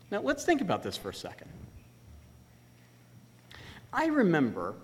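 Animated male preacher in a reverberant church. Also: medium pitch. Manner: animated, emphatic preaching with slowed stressed words. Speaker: pastor. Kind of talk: sermon.

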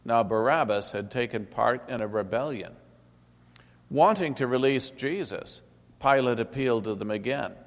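Man reading scripture in a reverberant hall. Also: mid-range voice. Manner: measured, declamatory. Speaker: scripture reader.

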